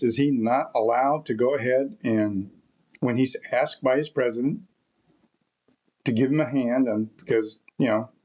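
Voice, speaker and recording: A man's voice: medium pitch, a little mellow. A man giving a rambling, emphatic opinion monologue to camera, repeating his points often. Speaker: vlogger.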